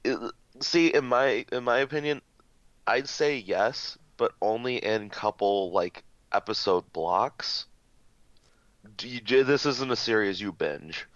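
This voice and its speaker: A man's voice: medium pitch, measured pace, a bit bright, no room sound, lo-fi sound. A man co-hosting a casual podcast chat, laughing easily and talking through hesitant restarts. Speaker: podcast co-host.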